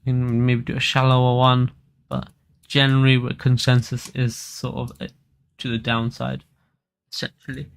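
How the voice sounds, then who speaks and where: A man talks through crypto charts on a live stream in a loose, rambling way, full of fillers and restarts. His voice has a gravelly, creaky edge and sits at an ordinary pitch. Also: completely flat delivery, moderate pace. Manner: casual, rambling, filler-heavy. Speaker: crypto market analyst. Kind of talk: live stream market commentary.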